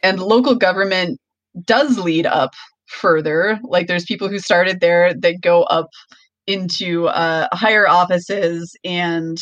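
A woman's voice: on the low side, takes it slowly, fairly bright tone, dry recording, dull audio. A young woman co-hosting a podcast, chatting casually and full of likes and ums. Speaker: podcast co-host. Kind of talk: casual chat.

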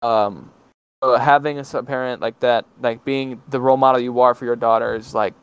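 A man's voice: medium pitch, steady tone, fairly quick, clear, resonant tone, rough recording. A young man of nineteen chatting casually as a podcast guest, hesitant and full of fillers and restarts. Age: teens. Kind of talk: casual chat.

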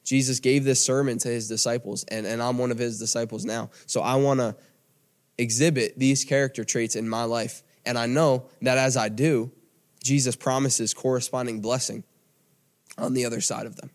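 A man's voice: medium pitch, fairly even intonation, normal speed. An American man preaching a podcast sermon in an earnest way, often repeating phrases and restarting sentences. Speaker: pastor.

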